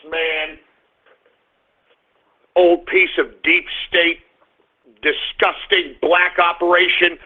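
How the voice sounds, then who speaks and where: A man's voice: sits high, husky. A man hosting a radio show, ranting angrily and profanely between blunt market reports. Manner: angry, profane ranting with abrupt swings into shouting. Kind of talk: ranting talk radio monologue. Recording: narrow phone-line sound.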